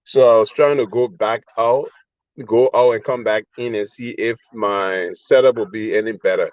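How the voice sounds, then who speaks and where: A man's voice: lowish voice, steady tone, normal speed, a little mellow, dry recording. A man joining an online talk show by video call, speaking politely and with some hesitation. His audio is dry and muffled. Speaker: guest.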